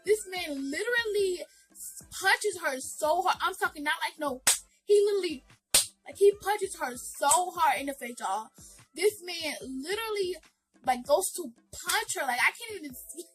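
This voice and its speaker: A woman's voice: very high voice, lively intonation, normal speed, soft background music, poor audio. A woman vlogger telling an emotional storytime, speaking earnestly and directly to her viewers with lots of fillers.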